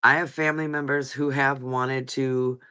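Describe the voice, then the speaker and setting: A woman's voice: very deep voice, flat delivery, moderate pace, bright, forceful tone, clean tone. A woman hosting a live chat stream, talking in an earnest, rambling, emotional way with a stuffy nose from crying. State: stuffy-nosed after crying. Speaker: livestream host. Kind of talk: casual live chat reading comments.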